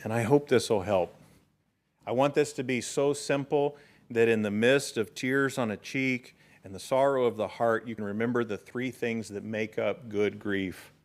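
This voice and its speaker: Earnest middle-aged preacher giving a sermon. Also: male voice, medium pitch, steady tone, moderate pace. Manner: earnest storytelling preacher, rising in emphasis. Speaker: pastor. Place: church sanctuary.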